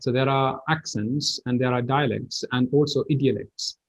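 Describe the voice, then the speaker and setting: A man's voice: mid-range voice, steady tone, moderate pace, rough recording. A man teaching English pronunciation in an online class, explaining with repeated example phrases.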